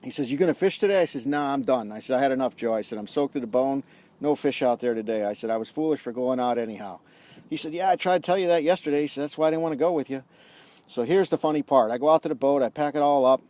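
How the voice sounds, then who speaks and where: Man, middle-aged, quick pace, warm dark voice, animated storytelling, outdoors. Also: mid-range voice. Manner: animated storyteller, acts out dialogue. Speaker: leadership coach. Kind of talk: casual storytelling vlog. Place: outdoors on a golf course.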